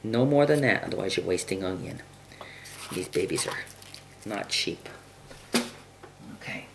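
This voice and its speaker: A woman giving a casual cooking demonstration in her home kitchen, chatting and clearing her throat often. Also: rumbling low, expressive, measured pace. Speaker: home cook demonstrating a recipe. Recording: home video with kitchen noise. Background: chopping, dishes and cutlery clatter.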